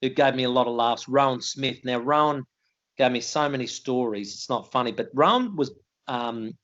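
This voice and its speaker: A man's voice: mid-range voice, normal speed, a bit bright, muffled recording. An older Australian man, a retired footballer, telling colloquial stories in a casual interview and laughing at his own tales.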